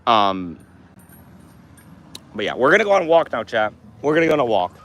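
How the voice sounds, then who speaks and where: A man's voice: mid-range voice, big pitch swings, a little fast, fairly bright tone. A teenage boy from Montana chatting casually with his livestream viewers, rambling through restarts and fillers. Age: teens. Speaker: livestream host answering chat.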